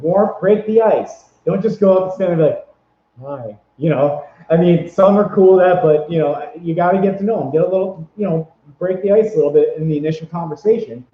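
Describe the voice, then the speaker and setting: A man's voice: sits high, a little fast, hardly any pauses. A man casually giving tips in a vlog, rambling and upbeat with lots of fillers and restarts. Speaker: vlogger giving convention tips. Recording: echoey room, dull lo-fi sound.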